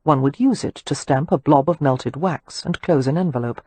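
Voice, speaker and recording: A woman narrating an audiobook in an expressive storytelling manner. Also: low-pitched, moderate pace, slightly rough, no room sound. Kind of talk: scripted narration.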